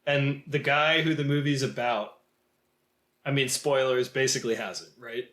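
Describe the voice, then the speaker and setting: A man's voice: medium pitch, moderate pace, fairly bright tone. Musing man on a film podcast. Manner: thoughtful, musing, hesitant with many fillers. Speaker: podcast co-host. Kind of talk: casual film discussion.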